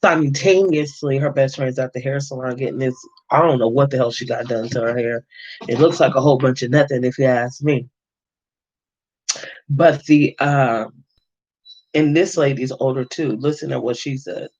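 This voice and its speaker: A man's voice: medium pitch, steady tone, normal speed, a little mellow, lo-fi sound. A man giving a casual, slangy movie review, rambling and swearing freely with lots of fillers.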